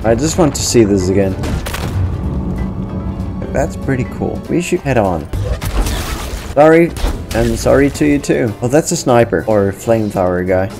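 A man's voice: medium pitch, animated, measured pace, pauses often. A man chatting playfully while playing a video game, with lots of exclamations and laughs. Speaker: gaming streamer. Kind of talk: let's play commentary. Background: game music.

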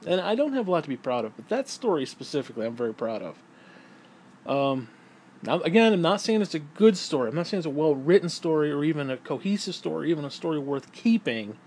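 A man's voice: fairly high pitch, big pitch swings, fast talker, darkish tone, a little hiss or hum. A man rambling through a casual vlog monologue, swearing freely, interrupting himself and laughing often. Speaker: vlogger.

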